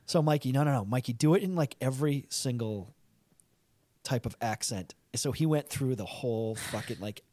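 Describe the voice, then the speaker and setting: A man's voice: mid-range voice, moderate pace, darkish tone, no room sound. A man in casual podcast chat, talking in a rambling, profane way. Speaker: podcast host.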